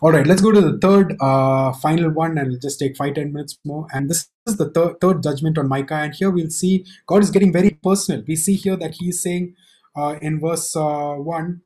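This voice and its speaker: A man preaching a sermon, reading scripture aloud slowly and emphatically, then explaining it in a conversational way with frequent asides. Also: a little high, a little mellow, low-quality recording. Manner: slows and lifts his voice to read scripture aloud.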